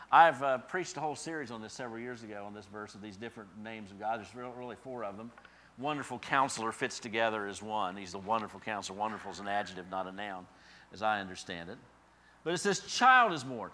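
A man preaching a sermon in a church, building to emphatic repeated phrases and then dropping to a soft close. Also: fairly low pitch, fairly quick. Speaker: pastor.

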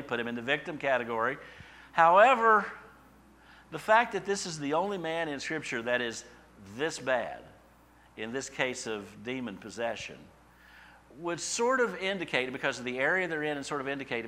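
A man preaching a sermon, building to loud emphatic peaks and falling to quiet asides. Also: mid-range voice. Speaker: pastor.

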